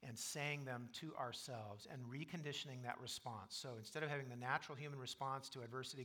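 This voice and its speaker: A man preaching a sermon as pastor, reading scripture and building to loud, emphatic passages. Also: mid-range voice, fast talker, hardly any pauses. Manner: quotes scripture aloud.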